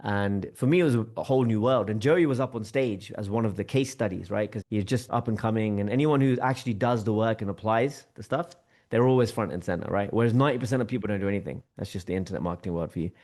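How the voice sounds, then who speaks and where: A man, a podcast guest telling a lively anecdote in conversation and acting out the dialogue. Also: lowish voice, fast. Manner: lively, acts out quoted dialogue with shifting tone.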